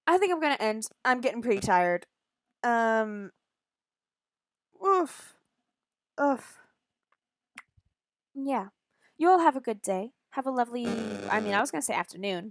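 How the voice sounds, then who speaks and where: A woman's voice: fairly high pitch, animated, normal speed, long pauses, dry recording, studio quality. A woman streaming a game, chatting casually with playful sarcasm and silly beep-boop noises.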